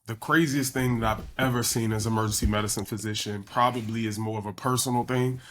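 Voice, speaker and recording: A man's voice: on the low side, fast. Young man telling stories casually. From Chicago South Side. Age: young adult. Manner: relaxed, conversational, frequent fillers. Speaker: podcast guest, emergency physician. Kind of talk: casual storytelling interview.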